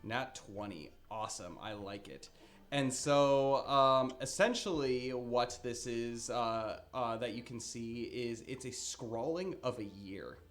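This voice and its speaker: A man's voice: medium pitch, animated, slow, a bit bright, faint music behind. A man running a tabletop game as game master, narrating casually and loosely. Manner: casual, filler-heavy narration.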